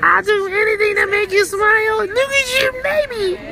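Woman, baby talk, cooing sing-song, very high, gravelly, noisy crowd behind. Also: steady tone, moderate pace. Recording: crowd and background noise.

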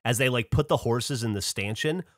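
A man's voice: mid-range voice, moderate pace, no room sound, studio quality. A man co-hosting a podcast, telling long stories in casual chat and swearing freely. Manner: animated storyteller, swears casually. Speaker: podcast co-host.

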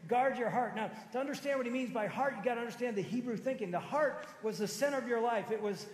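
A middle-aged man preaching a sermon, telling personal stories, moving from loud emphatic lines to soft low ones. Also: fast talker. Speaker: pastor. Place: large church sanctuary. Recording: roomy hall reverb.

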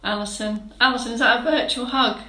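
A woman's voice: a little high, steady tone, fairly quick, pushed and bright, echoey room, poor audio. A woman fitness instructor leading a live-streamed exercise class, chatting, greeting viewers by name and giving encouraging instructions. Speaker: fitness instructor for older adults.

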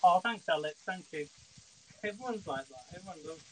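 A man's voice: sits high, animated, brisk, slight background noise, low-quality recording. A man hosting a casual live cooking stream from his home kitchen, chatting straight to his viewers. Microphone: phone. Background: frying sizzle.

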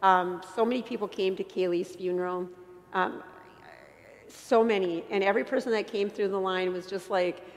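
A woman giving an earnest, emotional faith testimony to an audience, with self-deprecating humor and halting restarts. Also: medium pitch, fairly even intonation. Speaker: inspirational speaker. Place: church. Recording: long church reverb.

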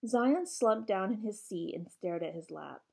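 A woman reading a novel aloud in steady first-person narration, with casual asides to her listeners. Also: mid-range voice, a little slow, creaky, slightly rough. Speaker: reader.

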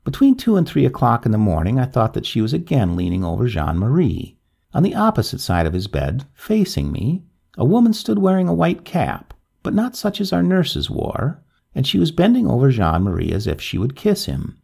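A man reading a classic story aloud with measured, expressive narration. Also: medium pitch, creaky, slightly rough.

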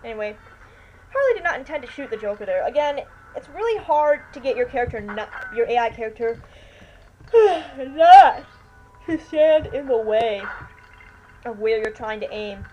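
Brief: higher-pitched woman, sleepy and rambling let's-play chatter, dull home recording with a faint washer hum. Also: animated, fairly quick, a little mellow. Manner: chatty, rambling, keeps saying "anyway". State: tired and yawning. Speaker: let's player. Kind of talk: casual gameplay commentary. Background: faint washing machine hum.

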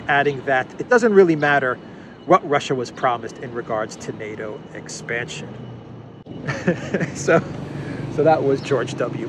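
A man hosting a casual news commentary, sarcastic and chuckling, halting often with fillers. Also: mid-range voice, noisy background. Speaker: commentary channel host.

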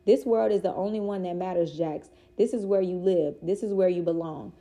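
A woman's voice: lowish voice, a little fast, warm tone, lightly acted. Woman reading as a protective mother. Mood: tender. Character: protective worried mother, quick to anger.

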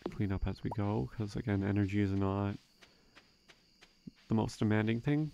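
A young man giving relaxed, rambling gameplay commentary, thinking aloud with frequent fillers. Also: fairly low pitch, moderate pace, creaky, muffled recording, background noise. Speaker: let's play gamer.

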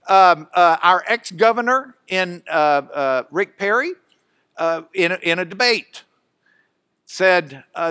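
Man, high bright voice, dry close sound, folksy Bible class teacher. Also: no echo. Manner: folksy, chatty, with many restarts and asides. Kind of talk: classroom lecture.

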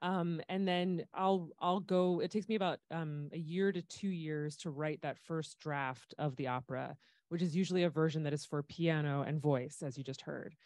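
A woman's voice: sits low, steady tone, normal speed, darkish tone, no echo, clean studio sound. A woman composer on a discussion panel, explaining her music in a chatty way with frequent ums.

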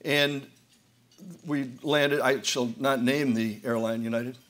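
Speaking slowly at medium pitch, this American man in his sixties or beyond keeps a fairly even intonation and a fairly bright tone. Seated at a roundtable before an audience in an event hall, he spins funny, self-mocking stories, frequently starting sentences over.

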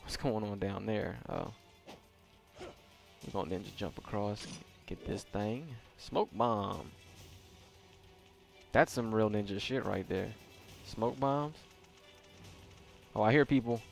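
A man's voice: lowish voice, takes it slowly, creaky, long pauses, faint music behind. A man giving casual let's-play commentary, reacting to gameplay with slangy jokes.

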